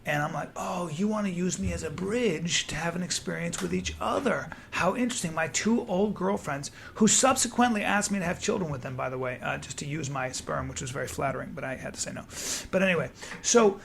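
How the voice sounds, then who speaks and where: A man with a high voice tells a raunchy story in casual podcast talk. He is animated and profane, and he jumps into the voices of the people he quotes. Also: a little fast, gravelly, slight background noise. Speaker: podcast guest.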